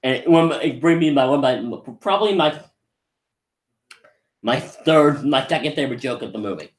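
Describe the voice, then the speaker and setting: A man's voice: mid-range voice, lively intonation, moderate pace. A man giving a casual movie review, rambling and often restarting his sentences as he laughs along. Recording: roomy echo.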